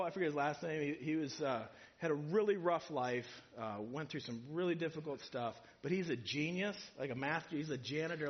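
A man's voice: a little high, lo-fi sound. A man preaching a sermon in a church, in a conversational way that builds to emphatic points. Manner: conversational, rising to emphatic, acts out imagined speakers.

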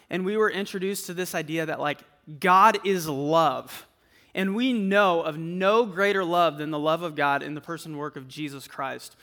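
Preaching a sermon to students, a man with a bright, high-pitched voice from a campus ministry stays loose and conversational. His talk is sprinkled with "like" and "right?", and a long hall echo fills the recording.

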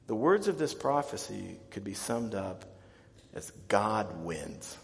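A man in his thirties preaches with lively, theatrical energy, often jumping up into loud, panicky character voices before dropping back down to a soft, close tone. His voice sits a little higher than most men's. The sound rings with the long reverb of a large sanctuary. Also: moderate pace. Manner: animated storytelling, acts out scared voices with big swings in pitch and volume. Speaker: pastor. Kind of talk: sermon.

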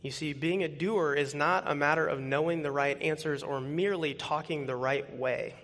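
A man's voice: fairly high pitch, fairly even intonation, moderate pace, a bit bright. A man in his thirties, a pastor, preaching a conversational sermon, tossing out rhetorical questions and checking in with "right?". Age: 30s. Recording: long hall reverb.

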